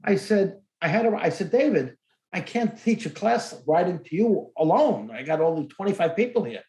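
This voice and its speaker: Expressive older-sounding male host, echoey room. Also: sits high, moderate pace. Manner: expressive, acts out quoted dialogue. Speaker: podcast host. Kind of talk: casual interview storytelling.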